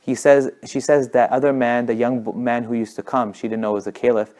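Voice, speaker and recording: A young man talking quickly at a casual talk, his voice at an ordinary pitch for a man. He tells his story in an animated way, full of "like" and restarts. He never slows down for long. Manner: fast, animated storyteller with many fillers and restarts. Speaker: speaker at a community talk.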